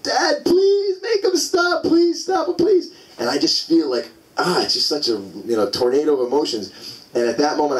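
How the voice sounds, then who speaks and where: A man's voice: fairly low pitch, distant mic, rough recording. A man in his forties doing a stand-up comedy set, telling loose, rambling stories full of fillers on a club stage. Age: 40s.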